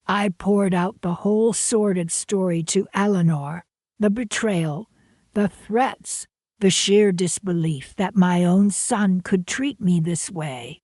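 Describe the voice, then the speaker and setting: A woman narrating a first-person family drama story in a measured, dramatic delivery. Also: mid-range voice, darkish tone, no echo, clean studio sound.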